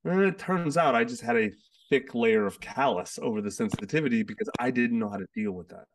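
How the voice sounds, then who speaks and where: A man's voice: mid-range voice, animated, fairly quick, distant mic. A man hosting a casual, heartfelt conversation, rambling with lots of restarts and fillers. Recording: sits away from the mic.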